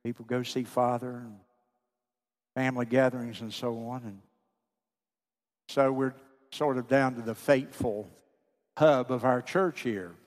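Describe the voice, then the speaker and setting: A man preaching a sermon in a church, pleading and urging his congregation. His voice sits in a middle register and carries a long echo from the sanctuary. He swings between fervent urgency and a soft, hushed delivery. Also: medium pitch, fairly even intonation, unhurried, pauses often. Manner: impassioned, pleading preacher who drops to a hushed voice. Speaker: pastor. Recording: long hall reverb.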